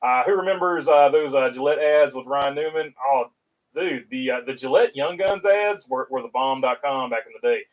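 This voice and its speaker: A man's voice: mid-range voice, moderate pace, recorded from a distance, muffled recording. A man with a North Carolina Southern accent hosting a casual livestream, reading viewer chat aloud and rambling with lots of filler uhs.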